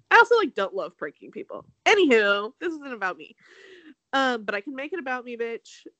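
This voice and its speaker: A young woman chats casually as a podcast co-host, recapping gossip with constant laughs and acted-out quotes. Her voice is fairly high and swings up and down a lot. The recording is close and dry. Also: big pitch swings, moderate pace, a bit bright, no echo. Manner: chatty, laughs often, acts out quotes with big pitch jumps. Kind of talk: casual chat recapping a reality show.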